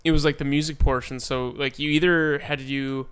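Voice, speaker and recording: Young male co-host, brighter and slightly higher voice than most men, animated storyteller who mimics others and laughs a lot. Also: fairly quick, clear, resonant tone. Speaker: podcast co-host. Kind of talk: casual chat.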